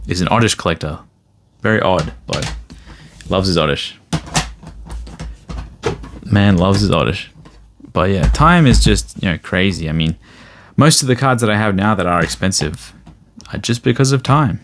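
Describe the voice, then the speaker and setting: A man's voice: sits low, animated, moderate pace, long pauses, noisy background. A man chatting casually and thinking aloud as he flips through graded trading cards for his vlog. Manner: rambling, easygoing, thinks aloud. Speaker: card collector vlogger.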